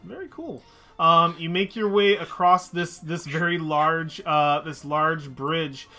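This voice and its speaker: Bright-voiced game master, halting. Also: male voice, fairly high pitch, faint music behind. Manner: halting, many fillers and restarts. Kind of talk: narrating a tabletop game.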